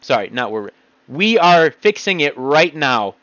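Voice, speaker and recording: A male vlogger with a fairly high, very animated, slightly bright voice rants bluntly and agitatedly straight into his computer at a measured pace. He swears heavily, and his home computer mic gives a dull, lo-fi, dry sound.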